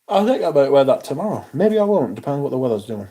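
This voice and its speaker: A man's voice: medium pitch, very animated, quick pace, few pauses, mellow, slightly rough. A man hosting a livestream, chatting casually, reading out comments and swearing in exasperated asides. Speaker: livestream host.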